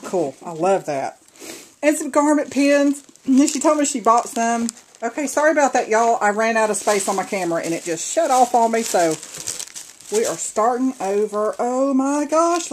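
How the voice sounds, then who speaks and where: A chatty woman opens a box of craft goodies at home and gushes over each piece to her viewers. She talks at an ordinary pitch, in a casual, friendly vlog manner, with a faint noise floor behind her. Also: darkish tone, low-quality recording. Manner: gushing and chatty, addressing viewers as y'all. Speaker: crafter opening a swap box.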